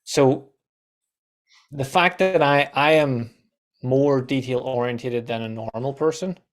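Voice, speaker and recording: A man, a guest on a podcast, telling animated stories and acting out quoted voices, with casual swearing. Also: mid-range voice, takes it slowly. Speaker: guest, content coach.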